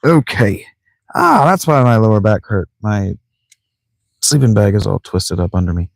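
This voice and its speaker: Rambling low-voiced man streaming a game. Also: lively intonation, moderate pace, gravelly, no room sound. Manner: rambling, joking self-talk with playful mispronunciations. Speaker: let's play streamer. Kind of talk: casual gameplay commentary. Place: in a tent, lying in a sleeping bag.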